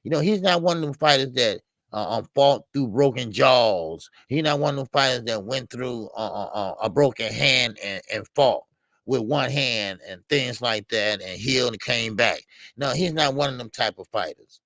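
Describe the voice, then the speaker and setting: A man's voice: mid-range voice, expressive, moderate pace, fairly bright tone, no room sound. A man co-hosting a boxing talk show, rambling with many hesitations. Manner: rambling, hesitant, many uhs and you-knows. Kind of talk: casual boxing chat.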